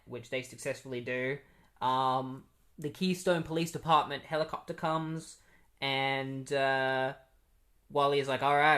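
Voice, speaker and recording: A man giving a casual, rambling comic book recap, full of fillers and restarts, who gets animated when quoting characters. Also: mid-range voice.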